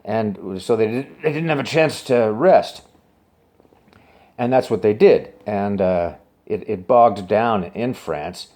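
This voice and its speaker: A man telling a personal story to camera in a rambling, halting way, repeating himself and swinging from hushed asides to urgent, raised bursts. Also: on the low side.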